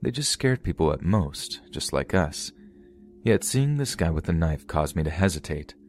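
A man reading true scary stories aloud in a steady, measured narration. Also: deep voice, faint music behind. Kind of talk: scripted horror story narration.

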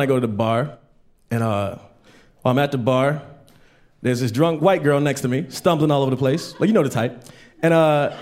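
A man of medium pitch and a slightly mellow voice performs stand-up in front of a live crowd. He tells stories and plays the characters in them, raising his voice to act them out.

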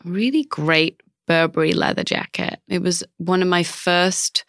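Middle-aged woman, low gravelly voice, casual chatty guest, dry close sound. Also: steady tone, unhurried, fairly bright tone, dry recording. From Britain. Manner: chatty, self-deprecating, laughs often. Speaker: guest, makeup brand co-founder. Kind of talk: casual interview chat.

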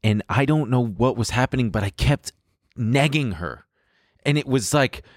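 A man's voice: medium pitch, lively intonation, moderate pace, no room sound, studio quality. A man co-hosting a podcast who makes wry quips in casual chat and tells stories about his dates, mimicking the people in them. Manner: wry quips, acts out a date's voice. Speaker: podcast co-host.

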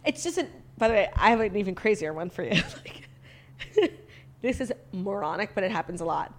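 A woman's voice: mid-range voice, expressive. A young woman co-hosting a podcast, chatting casually in a dramatic, swear-prone way. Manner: fast, dramatic, swears a lot. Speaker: podcast co-host. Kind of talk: casual chat.

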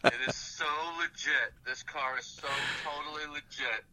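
A man's voice: fairly high pitch, steady tone, normal speed, over a noisy crowd, low-quality recording. A man calling into a podcast by phone, talking emphatically and insistently. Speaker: caller. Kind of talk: casual chat on the phone.

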